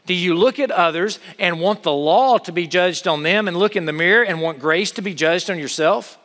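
Male pastor, earnest sermon delivery, rhetorical questions, high voice. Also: moderate pace, fairly bright tone, long reverb tail.

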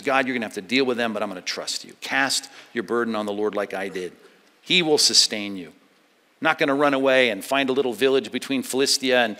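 Bright-voiced man preaching in a reverberant hall. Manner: preaching with swings from loud emphasis to hushed, low delivery. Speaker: pastor. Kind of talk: sermon.

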